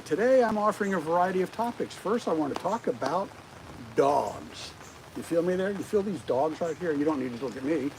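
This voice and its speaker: A middle-aged man hosting a casual livestream outdoors, animated and always asking his viewers rhetorical questions. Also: fairly high pitch, poor audio. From United States. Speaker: livestream host. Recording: rain noise clearly audible outdoors.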